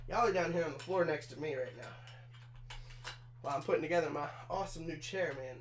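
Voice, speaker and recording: A man's voice: fairly high pitch, brisk. A man in his twenties chatting casually with his live chat while he assembles a chair, swearing now and then, hot and sweaty from the work. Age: 20s. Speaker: streamer. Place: small room in his trailer. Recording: echoey room with faint hum.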